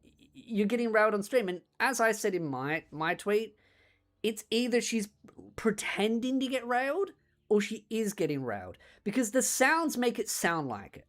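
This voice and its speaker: A woman streamer in casual chat on a desk mic, retelling things in a rambling, animated way. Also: lowish voice.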